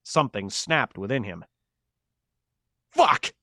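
A man reading a novel aloud in a steady, measured scripted narration. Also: medium pitch, no echo, clean studio sound. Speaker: audiobook narrator.

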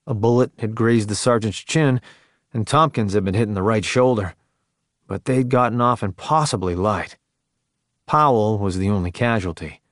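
A man reading scripted narration for an audiobook in a measured, steady way, close to a studio mic. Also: lowish voice, no room sound.

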